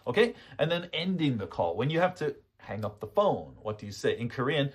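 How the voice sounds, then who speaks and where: A man's voice: mid-range voice, sing-song, moderate pace, husky. A man teaching English phrases in a casual spoken lesson, explaining patiently, repeating each phrase and checking in with "okay?".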